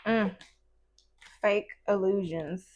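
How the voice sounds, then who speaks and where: A woman's voice: mid-range voice, drawn-out words, darkish tone, muffled recording, slight background noise. A woman giving a casual tarot reading in a chatty, playful way, full of slang and asides. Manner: acts out little quoted voices in between. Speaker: tarot card reader.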